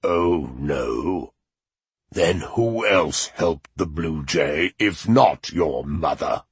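A man reading as a cruel old tyrant king who snarls his words slowly, low and heavily husky. The voice is dry and close, with no room around it. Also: expressive, dry recording, exaggerated voice. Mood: menacing. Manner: snarling, slow and menacing. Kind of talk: audiobook character voice.

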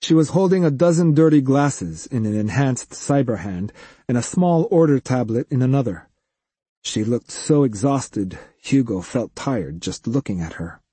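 A man narrating a science-fiction audiobook with expressive storytelling. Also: medium pitch, moderate pace, slightly rough, dry recording. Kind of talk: scripted narration.

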